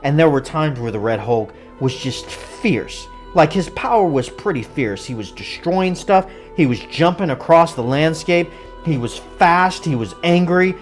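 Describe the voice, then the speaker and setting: A movie reviewer giving a casual spoken film review, talking in animated, incredulous rants. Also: medium pitch, a little slow, soft background music.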